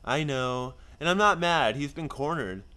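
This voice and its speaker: A man's voice: on the high side, expressive, a little slow, bright, forceful tone, clear, resonant tone. Man reading a script aloud. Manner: reads lines plainly, chatty asides. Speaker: script reader. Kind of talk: casual script read-through.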